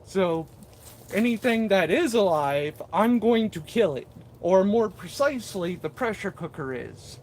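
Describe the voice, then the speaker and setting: Working in an indoor mushroom-growing workspace, a man reads viewer comments aloud during a live stream and jokes about himself, short of breath. His voice is high-pitched, expressive and darkish, a little slow. He moves in and out of frame of a nearby camera, with a faint hiss or hum on the audio.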